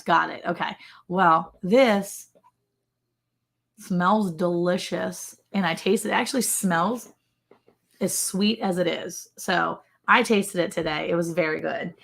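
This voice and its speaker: A woman's voice: lowish voice, slow pace, creaky, fairly bright tone. A woman co-hosting a ranch livestream, chatting casually, laughing often and yawning. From Texas. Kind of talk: casual live-stream chat.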